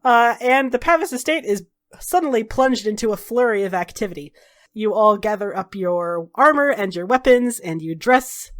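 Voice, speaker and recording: Woman game master, chatty storyteller in a tabletop game. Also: fairly high pitch. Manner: storytelling with many fillers.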